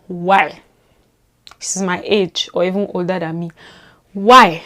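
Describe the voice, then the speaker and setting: A woman from Nigeria with a Nigerian accent, talking casually to camera as a vlogger, animated and teasing, firing off rhetorical questions. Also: mid-range voice, measured pace.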